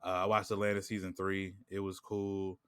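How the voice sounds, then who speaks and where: Speaking in a deep, clear, resonant voice that's a bit bright and completely flat, a New York-accented podcast co-host chats casually at a moderate pace. He rambles, leaning on "like" and "you know what I'm saying," in clean studio sound with no echo.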